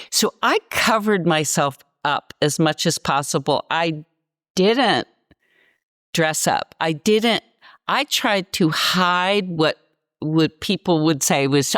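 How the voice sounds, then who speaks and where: A woman's voice: low-pitched, slow pace, dry recording, clean studio sound. A woman in her sixties from Virginia, telling stories bluntly and passionately as a podcast guest. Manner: passionate, blunt, animated storytelling. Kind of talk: candid podcast interview.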